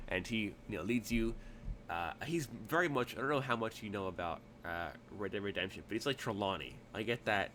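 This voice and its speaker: A man's voice: fairly low pitch, lively intonation, normal speed, fairly bright tone, a little hiss or hum. A man narrating a tabletop game as game master, rambling through his descriptions with many fillers.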